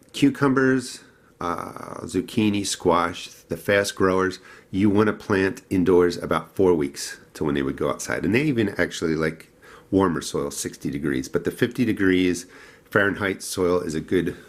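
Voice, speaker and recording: A man's voice: deep voice, expressive, unhurried. A middle-aged man with a New Jersey accent, hosting a casual, rambling gardening vlog indoors and then outside in the cold, laughing at himself now and then. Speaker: gardening channel host.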